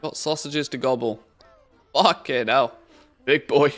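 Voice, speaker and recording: A man's voice: medium pitch, fairly even intonation, measured pace, fairly bright tone. Joking man streaming a game. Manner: joking, swearing, loose chatter while playing. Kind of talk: casual live-stream commentary.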